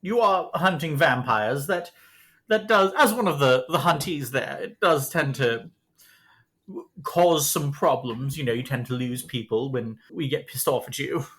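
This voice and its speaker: A woman's voice: a bass voice, a little slow, fairly bright tone. A woman playing a sardonic ancient vampire. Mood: wry. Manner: wry, blunt, swears. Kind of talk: in-character podcast chat.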